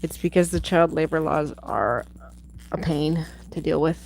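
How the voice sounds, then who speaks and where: A woman's voice: deep voice, a little slow, vocal fry, darkish tone, rough recording. A woman hosting a livestream from home, chatting casually and rambling off on tangents, swearing now and then. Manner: rambling, digressive, swears freely. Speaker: livestream host reviewing a film. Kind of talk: casual chat.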